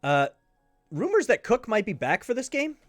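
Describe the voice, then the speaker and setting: Over soft background music with no echo, a man with a high voice and wildly swooping pitch hosts his own sports betting show at a normal speed. He talks through his picks casually but emphatically, repeating points to hammer them home.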